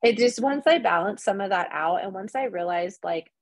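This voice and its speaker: A woman in her thirties, a podcast guest chatting casually and telling animated stories with lots of fillers. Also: medium pitch, moderate pace, no echo. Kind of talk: casual chat.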